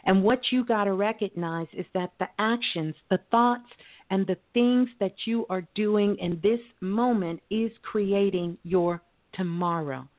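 A woman hosting a call-in radio show, giving calm spiritual advice with folksy, chatty asides. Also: mid-range voice, unhurried. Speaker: radio call-in host and psychic medium. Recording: phone-like narrow audio.

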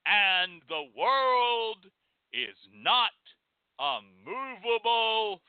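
A man's voice: high voice, big pitch swings, drawn-out words, smooth, dry recording. A man hosting a show, delivering a blunt, profane, ranting monologue. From Texas. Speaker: podcast host. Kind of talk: impassioned monologue. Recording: dry, tinny phone-like sound.

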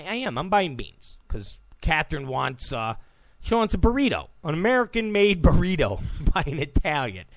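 Gravelly, animated male talk host. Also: high voice, dry recording. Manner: rambling, repetitive, blunt, stammering restarts. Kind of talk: rambling political monologue. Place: Los Angeles studio.

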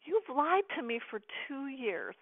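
A woman's voice: high-pitched, sing-song, unhurried, no echo. A middle-aged American woman telling a personal story as an interview guest, earnestly acting out the dialogue she quotes. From United States. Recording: tinny phone line.

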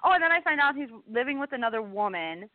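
A young woman guest telling a bad-date story in casual chat, animated and swearing. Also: high voice, fast talker, dry recording. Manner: animated, swearing, acting out quotes. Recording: tinny phone-like line.

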